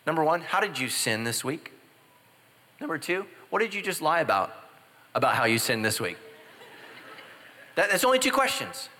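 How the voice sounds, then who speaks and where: Male pastor, comic sermon storyteller, bright and punchy, swings loud to hushed, echo of a big sanctuary. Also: moderate pace, pauses often. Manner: animated, jumps into loud high exclamations and drops to hushed confessions.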